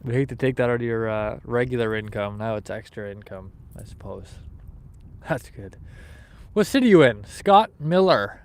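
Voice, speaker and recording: A man's voice: medium pitch, lively intonation, moderate pace, a little mellow. A man from Canada hosting a fishing livestream outdoors in the snow, chatting casually with viewers and reading their comments aloud in an easygoing, rambling way.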